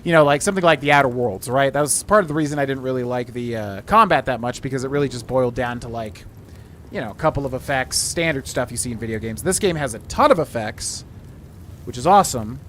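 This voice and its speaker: A male streamer in casual let's-play commentary, thinking out loud and rambling with plenty of fillers. His voice sits at an ordinary middle pitch, with faint background noise behind it. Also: fast.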